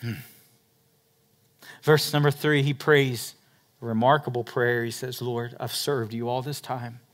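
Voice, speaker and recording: A middle-aged male pastor, preaching a sermon and moving between loud emphatic passages and quiet, slow ones. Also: medium pitch, little pitch movement.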